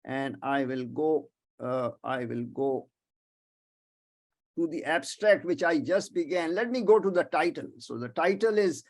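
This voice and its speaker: Brief: older Pakistani-accented male academic, measured and formal with many pauses, lecturing over a video call. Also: fairly high pitch, lively intonation. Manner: measured and formal, with frequent hesitations. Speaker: guest speaker.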